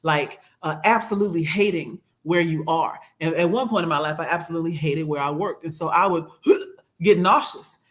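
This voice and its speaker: A man co-hosting a casual political chat show, animated and jokey, with gasps thrown in for effect. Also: a little high, moderate pace. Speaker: podcast co-host.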